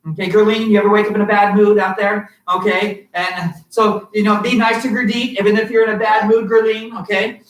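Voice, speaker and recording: A man's voice: high voice, little pitch movement, a little fast. A man teaching a live-streamed children's martial arts class, upbeat and coaxing, praising the kids. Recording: roomy sound from far off.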